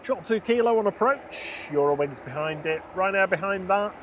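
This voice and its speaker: A man's voice: sits high, animated, normal speed, fairly bright tone, slight background noise. Chatty man calling out landing planes. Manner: jokey, calls aircraft and reads chat. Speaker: live stream co-host. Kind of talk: casual commentary.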